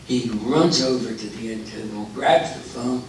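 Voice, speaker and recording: A man telling jokes to a live audience, unhurried, louder on the punchlines. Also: mid-range voice, a little hiss or hum. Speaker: joke teller. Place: forum hall. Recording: echoey hall, voice from far off.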